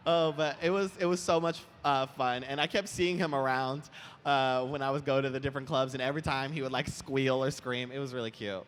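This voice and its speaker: A young man chatting as an interview guest on a convention stage, animated and quick to laugh, telling his stories with lively put-on voices. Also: mid-range voice, a little hiss or hum. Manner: animated, giggly, lively storytelling. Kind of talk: casual chat on stage. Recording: roomy hall with faint ambience.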